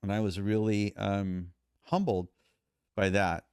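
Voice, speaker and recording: A man's voice: fairly low pitch, slow, smooth, no room sound, clean studio sound. A middle-aged man as a podcast guest, telling his story casually and acting out what others said. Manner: animated, acts out quotes of others.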